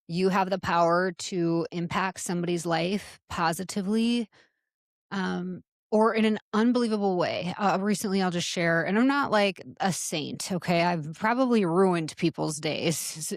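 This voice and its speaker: A woman's voice: fairly low pitch, no room sound, studio quality. A middle-aged woman hosting a podcast, giving an earnest, encouraging motivational talk to salon and spa leaders. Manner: earnest and encouraging, addresses listeners as "you guys". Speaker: podcast host and salon business coach.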